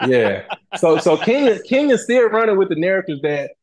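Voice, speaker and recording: Animated man telling a story, lively pitch. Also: unhurried. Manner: animated, acts out other people's lines. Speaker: reality TV guest. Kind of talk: casual storytelling interview.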